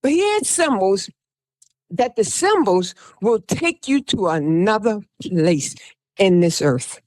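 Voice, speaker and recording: A woman's voice: medium pitch, lively intonation, slow, darkish tone, dry recording. A woman hosting a radio show, telling a rambling first-person story, urging her listeners on and acting out the voices of people she quotes. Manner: exhorting listeners, repeating "come on, people". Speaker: radio show host and self-styled prophetess.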